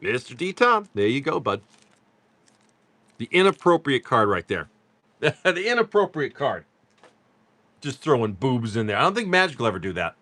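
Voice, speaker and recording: A man's voice: medium pitch, big pitch swings, normal speed, bright, forceful tone, dry recording. A man chatting casually on a live stream, joking with viewers while he reads off cards. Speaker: card-break livestream seller.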